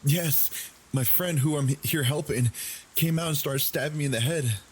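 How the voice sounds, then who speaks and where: A terrified woman cries out in a high, strained voice, as a deep-voiced male narrator puts her on. She is panicked and bleeding, pitched far above the reader's usual register. Soft rain patters behind. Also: normal speed, slight background noise, lightly acted. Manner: high-pitched frantic crying out.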